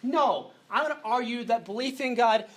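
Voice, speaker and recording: A man speaking at a youth conference seminar, conversational and shifting between hushed and animated. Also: very high voice, normal speed. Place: conference hall with an audience.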